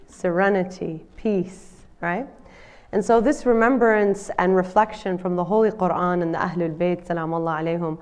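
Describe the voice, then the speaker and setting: A woman counsellor with a lowish, darkish voice gives a live presentation to an audience at a community centre. Nasal from a cold, she speaks in a friendly way and checks in with her listeners often.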